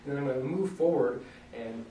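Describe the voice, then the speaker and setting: A man teaching a casual self-defense demonstration lesson in a relaxed, joking way, often clearing his throat. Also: medium pitch, fairly quick, slight background noise. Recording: roomy echo, mic far off, faint ambience.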